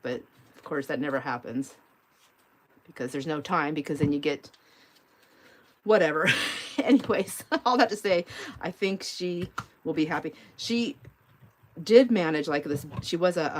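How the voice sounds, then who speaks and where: A middle-aged woman with a fairly low voice chats casually on a live crafting stream. She rambles from story to story, laughs often, and talks straight to her viewers while she works. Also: a little hiss or hum. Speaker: mixed media art livestream host.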